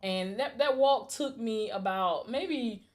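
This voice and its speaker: A woman's voice: a little high, takes it slowly. A woman on a podcast, telling a personal story casually and animatedly, with restarts and stammers when it gets emotional. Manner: animated, acts out the quoted voices. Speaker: podcast host.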